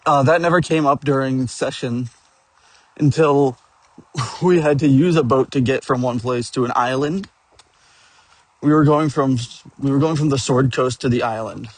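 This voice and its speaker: A man's voice: mid-range voice, no echo. A man telling a rambling, profane story about his tabletop game, chuckling now and then as he goes. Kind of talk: rambling casual storytelling rant.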